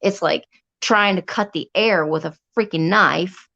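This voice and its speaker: A woman with a lowish voice hosts a casual livestream chat. She rambles from one thought to the next and swears freely. The recording sounds dull and lo-fi. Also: a little slow, vocal fry, bright, forceful tone. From Upper Peninsula of Michigan. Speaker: livestream host.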